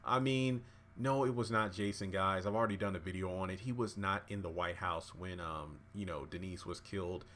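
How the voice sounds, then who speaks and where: A man casually recapping and reviewing a TV episode, chatty and relaxed, with plenty of fillers. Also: low-pitched, normal speed, a little hiss or hum. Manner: relaxed, chatty, acts out dialogue with many fillers. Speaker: YouTube TV reviewer.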